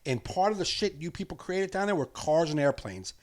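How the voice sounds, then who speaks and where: A man's voice: on the high side, lively intonation, a little fast, darkish tone. A man hosting a podcast, talking in a rambling, earnest way and laughing easily. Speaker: podcast host. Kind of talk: casual podcast conversation.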